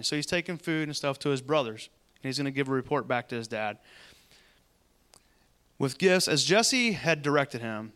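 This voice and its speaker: A man delivering a sermon with a bright, forceful voice that sits a little higher than most. He reads a passage, then drops into relaxed, chatty asides before returning to the text. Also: smooth. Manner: conversational, quick asides between read passages. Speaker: preacher. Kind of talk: sermon reading and commenting on scripture.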